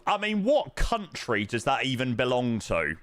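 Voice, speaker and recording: A man chatting casually to his live-stream viewers as he plays, thanking supporters and reacting loudly to his own guesses. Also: mid-range voice, measured pace. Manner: excitable, swings between muttering and loud outbursts. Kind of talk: casual live-stream chat while playing.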